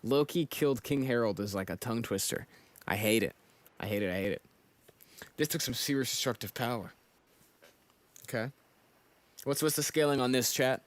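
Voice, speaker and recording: A man's voice: medium pitch, moderate pace, long pauses. Sleepy man chatting on a live stream. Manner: chatty, thinks aloud, addresses chat. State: sleepy, yawning. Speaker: streamer reading manga live. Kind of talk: casual live-stream reaction.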